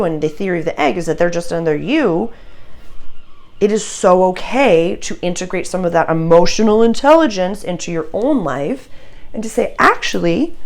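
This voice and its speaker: A woman's voice: fairly low pitch, darkish tone. A young adult woman giving a casual, effusive astrology reading, gushing encouragement at her listeners.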